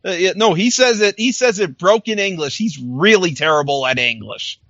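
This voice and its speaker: A man's voice: high voice, animated, normal speed, a bit bright, no room sound, muffled recording. A man co-hosting a podcast, chatting casually and animatedly, acting out lines and laughing often. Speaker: podcast co-host. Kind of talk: casual recap chat.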